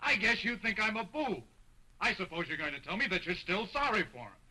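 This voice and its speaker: An actor playing a jealous man who demands answers quickly, in early talkie style. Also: high voice, very animated, pushed and bright, slightly rough, heavily acted, low-quality recording. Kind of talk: 1920s early talkie acting. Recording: old film soundtrack.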